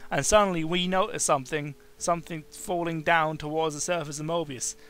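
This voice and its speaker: A man's voice: fairly high pitch, fairly even intonation, fairly quick, a bit bright, lightly acted. A man voicing a kindly, courteous adult male caretaker in a game, speaking formally and reassuringly. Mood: explaining. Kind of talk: reading game dialogue aloud.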